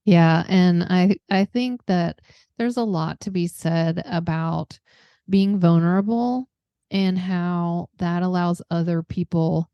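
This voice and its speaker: A woman hosting a podcast interview, talking in an earnest, reflective way in short measured phrases. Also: lowish voice, clear, resonant tone, no room sound, highs cut off. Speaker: podcast host.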